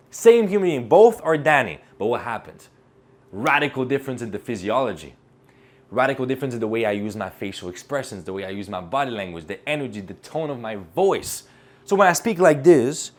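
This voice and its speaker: A male speaking coach giving an energetic motivational talk to camera, emphatic and full of rhetorical questions. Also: medium pitch.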